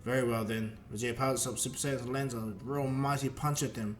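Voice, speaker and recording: A man's voice: mid-range voice, fairly even intonation, fast, slight background noise. A man casually retelling a fan-made story in a loose, rambling way with many fillers.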